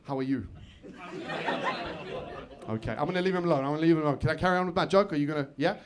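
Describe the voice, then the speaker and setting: A man doing live stand-up on a comedy club stage, swinging from muttered asides to shouted outbursts. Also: a little high, very fast. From South Africa. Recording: live club recording with crowd laughter. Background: audience laughter.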